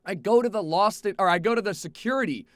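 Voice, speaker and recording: High-voiced, animated young man ranting. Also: fast, dry recording, clean studio sound. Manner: animated, profane, swings from exasperated shouting to low mutters. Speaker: streamer telling a travel story. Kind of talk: casual storytelling to camera. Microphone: headset.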